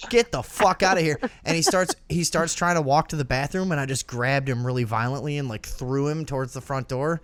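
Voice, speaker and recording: A man hosting a talk show, telling a crude story in a profane, animated way. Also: mid-range voice, brisk, hardly any pauses, no echo. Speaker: podcast host.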